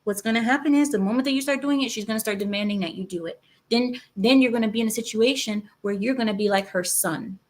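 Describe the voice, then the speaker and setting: A woman with a fairly high voice speaks fast while hosting her channel and reacting to a clip. Her opinionated commentary is emphatic, repetitive, and lecturing.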